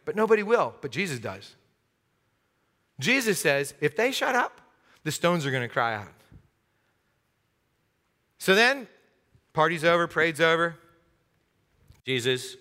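High-voiced animated American pastor. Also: male voice. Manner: animated, acts out crowd voices, jokes with congregation. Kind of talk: lively interactive sermon. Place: church sanctuary. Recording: long hall reverb.

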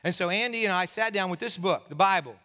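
Man, pastor, sleepless and tired, animated storyteller, forceful bright tone, long church reverb. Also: high voice, fast talker. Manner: animated, acts out the people in his story. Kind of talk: sermon storytelling. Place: church sanctuary. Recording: echoey church hall.

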